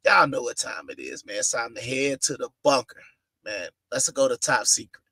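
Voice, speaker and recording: A man's voice: medium pitch, animated, moderate pace, heavy background noise. A man co-hosting a casual podcast, teasing and easygoing in slang. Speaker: podcast co-host.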